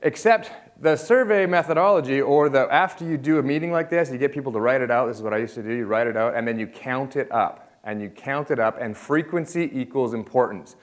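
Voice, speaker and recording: A man giving a lively conference talk, joking and calling on the audience. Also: mid-range voice, a little fast, few pauses. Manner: energetic, jokey, interacts with crowd. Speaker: conference speaker.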